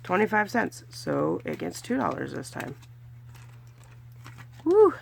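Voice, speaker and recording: Woman, very gravelly voice, casual budgeting vlog, counts cash aloud, faint background noise. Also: on the low side, wildly swooping pitch, moderate pace. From California, US. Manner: chatty, counting money aloud with little cheers. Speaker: budgeting vlogger. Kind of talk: casual narration while doing cash challenges.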